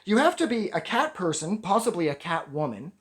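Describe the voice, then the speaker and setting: A man's voice: high voice, brisk. A man giving a casual, rambling review of a comic book. He swears often and sounds exasperated. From Canada. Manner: animated, rambling, profane, exasperated.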